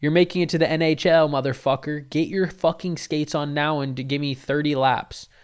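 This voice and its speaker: Guy putting on a middle-aged hockey dad, yelling and cussing, voice pushed up higher and loud, barking orders at his kid. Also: fairly even intonation, fairly quick, vocal fry, clear, resonant tone. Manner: barking, crude commands.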